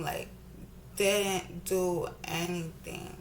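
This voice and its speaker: This beauty vlogger, a young woman, speaks at a normal speed in a medium-pitched voice over slight background noise. She rants heatedly and profanely while applying makeup at home, frequently repeating herself.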